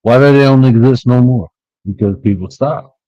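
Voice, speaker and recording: A man's voice: medium pitch, moderate pace, mellow, no echo, highs cut off. A man who hosts his own podcast, talking bluntly in a casual panel chat with informal grammar.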